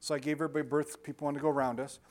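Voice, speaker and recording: A man's voice: on the high side, level tone, racing. An older man preaching a sermon, shifting from scripture into rambling, self-deprecating stories with frequent restarts and chuckles. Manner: conversational storytelling with frequent restarts and laughter. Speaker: pastor.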